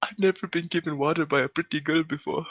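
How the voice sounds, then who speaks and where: A man's voice: on the high side, fairly even intonation, quick pace, no echo, highs cut off, pitched above the performer's own voice. A man mimicking a drunk, whiny young male friend with an Indian accent, his voice raised and pleading. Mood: awed.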